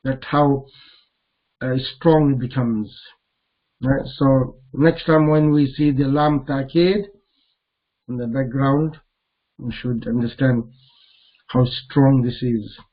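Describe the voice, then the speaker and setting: A man teaching Arabic grammar in a classroom lesson, explaining slowly and repeating the words he recites. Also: mid-range voice, steady tone, dull audio.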